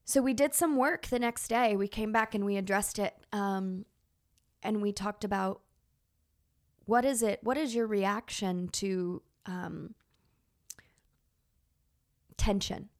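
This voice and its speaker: A woman's voice: medium pitch, slow, long pauses. A woman in her thirties, a teacher, telling a personal story in an earnest, emotional way with many fillers.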